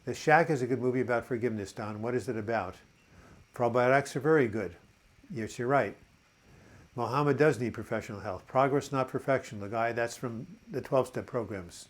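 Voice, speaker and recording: A man in his seventies hosting a live chat, reading viewer comments aloud and answering them in a halting, encouraging way. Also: mid-range voice. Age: 70s. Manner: halting, frequent uh and repeated words.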